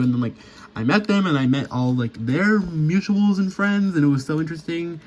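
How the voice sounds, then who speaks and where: A man's voice: fairly high pitch, fast talker, darkish tone, soft background music. Rambling young man, chatty voice-over. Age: young adult. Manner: rambling, filler-heavy, chatty. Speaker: vlogger. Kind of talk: casual voice-over sketchbook tour.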